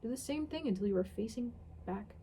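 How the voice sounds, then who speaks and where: A woman's voice: fairly high pitch, lively intonation, fairly quick, dark tone, slight background noise. A young woman reading a strange ritual text aloud and commenting on it. Tired, sardonic and swearing often. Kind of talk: dramatic reading with casual commentary.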